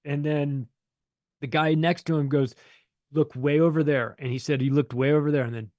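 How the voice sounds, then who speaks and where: A man's voice: a little high, steady tone, brisk, a little mellow, no room sound, studio quality. A man guesting on a podcast, telling a long story in a rambling, profane, casual way and acting out the voices of the people in it.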